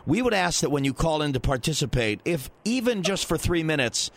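A man's voice: fairly high pitch, big pitch swings, fairly quick, slight background noise. A man co-hosting a live radio show, speaking in a dry, mock-formal way and telling short anecdotes. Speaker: radio co-host. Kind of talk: live call-in radio talk.

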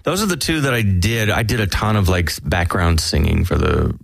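A man with a raspy voice, a guest voice actor and musician who talks in a laid-back, joking way in a casual interview. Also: low-pitched, moderate pace, no room sound.

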